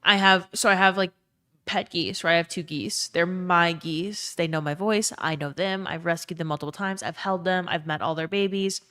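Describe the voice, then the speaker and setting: A woman's voice: on the low side, fairly even intonation, moderate pace, pushed and bright. A woman live streamer chatting casually with her chat, answering them and telling a tender story, with lots of "um" and "like" and some swearing.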